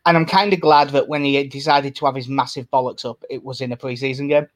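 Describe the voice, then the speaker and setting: A man's voice: mid-range voice, steady tone, fast talker. A man co-hosting a casual football podcast. He is chatty, laughs often and swears casually. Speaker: podcast co-host.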